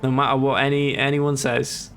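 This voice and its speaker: A man's voice: mid-range voice, little pitch movement, moderate pace, a bit bright. A Welsh man from Wales streaming a game, rambling and joking in casual commentary. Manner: rambling, jokey banter. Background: game music.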